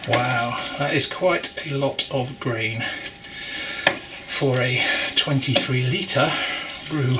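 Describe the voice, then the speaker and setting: A man's voice: mid-range voice, slow. A man casually explaining his home brewing as he works, with wry asides and a bit of effort while stirring. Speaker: home brewer. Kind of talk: casual how-to vlog narration. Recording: loud background noise with clattering.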